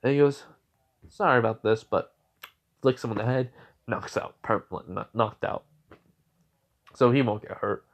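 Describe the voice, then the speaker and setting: A man's voice: mid-range voice, normal speed, pauses often. A man casually retelling a made-up fan story, rambling with lots of filler. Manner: rambling, heavy with fillers and restarts.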